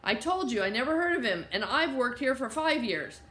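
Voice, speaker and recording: A woman voicing a stern, gray-haired female college office clerk who speaks in a cold, flat monotone. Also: a little high, a little fast. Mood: curt. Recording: roomy echo.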